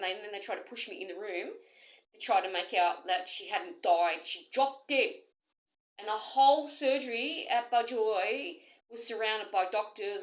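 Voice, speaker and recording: A woman's voice: mid-range voice, rough recording. An Australian woman rambling through an agitated, aggrieved personal complaint, jumping from one story to the next. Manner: agitated, aggrieved, jumps between stories.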